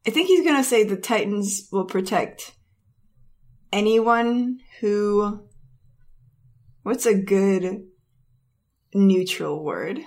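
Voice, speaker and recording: A woman playing a tabletop role-playing game, thinking her answers out loud and laughing easily. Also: mid-range voice, lively intonation, slow pace, pauses often. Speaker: player. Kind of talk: casual tabletop game play.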